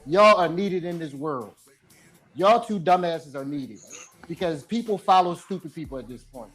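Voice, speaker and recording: Male panelist, blunt and animated, crude humor, light music bed. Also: on the high side, moderate pace. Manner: animated storyteller, coarse joking asides. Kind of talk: casual debate chat.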